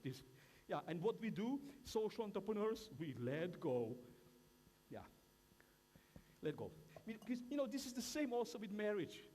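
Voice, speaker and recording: A man giving a lively conference talk in broken English, emphatic and playful, acting out little asides between violin demonstrations. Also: high-pitched, moderate pace, pauses often, a little hiss or hum. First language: Slovenian. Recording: echoey hall, violin music between phrases.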